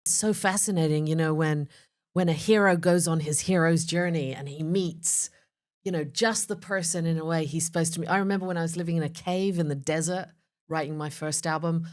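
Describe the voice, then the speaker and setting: Low-voiced woman hosting an interview. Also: a little fast. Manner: affirming, reflective listener. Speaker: podcast host. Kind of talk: conversational interview.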